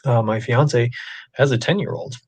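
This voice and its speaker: Casual male storyteller, mid pitch, dry close mic, chatty and rambling. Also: normal speed, gravelly, husky, dry recording. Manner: rambling, animated storyteller with many fillers. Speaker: podcast guest dad. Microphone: live stream call.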